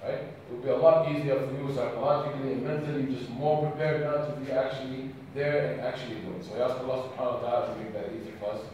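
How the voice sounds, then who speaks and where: A man's voice: medium pitch, little pitch movement, fast talker, hardly any pauses, darkish tone, a little hiss or hum. A man from Sudan giving a religious talk to a camp audience, often asking them questions. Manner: engaging, asks audience questions. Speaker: camp speaker. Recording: echoey hall, distant mic.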